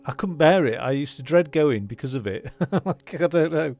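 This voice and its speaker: Gravelly man rambling casually. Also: fairly high pitch, animated, moderate pace, darkish tone, soft background music. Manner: rambling, chatty, many fillers and restarts. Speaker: gaming channel host. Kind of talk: casual let's-play commentary.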